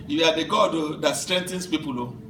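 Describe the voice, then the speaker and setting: A man in his fifties preaching a sermon as pastor, swinging from soft asides to shouted declarations and laughing through his stories. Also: a little high, moderate pace, slight background noise. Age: 50s. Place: church hall. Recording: echoey church hall from far off, with music.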